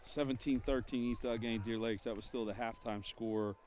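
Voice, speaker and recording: A man giving relaxed, chatty color commentary at a high school football game and reading out other scores. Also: fairly quick, background noise.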